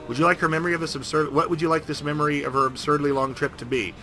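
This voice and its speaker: A man narrating a video game playthrough in a jokey, rambling, animated way. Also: a little high, quick pace, faint music behind. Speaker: game streamer. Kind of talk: comedic let's-play narration.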